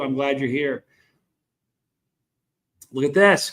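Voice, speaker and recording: A man's voice: mid-range voice, measured pace, a bit bright. A middle-aged man with a Southern US accent, hosting a casual livestream, talking frankly and rambling while greeting viewers in the chat. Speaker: livestream host.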